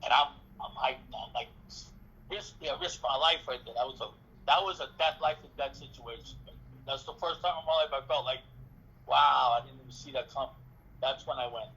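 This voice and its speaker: A man being interviewed, telling a story in a casual, animated way, acting out dialogue and swearing freely. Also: mid-range voice, normal speed, breathy edge. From New York City. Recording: dull lo-fi recording.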